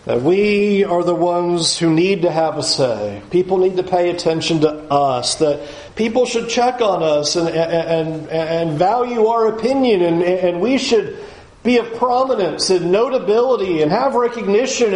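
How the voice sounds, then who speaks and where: A man with a high-pitched voice preaches a sermon in a casual, joking way, slipping into little acted-out voices as he talks. The room around him rings with echo. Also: expressive, moderate pace. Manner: conversational, acts out quoted voices with humor. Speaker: pastor.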